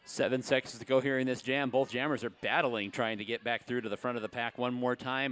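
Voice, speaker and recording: A man's voice: mid-range voice, fairly even intonation, a little fast, hardly any pauses, fairly bright tone. Chatty man calling derby play-by-play. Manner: chatty play-by-play with jokes, hypes the crowd. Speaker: roller derby announcer. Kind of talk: live sports commentary.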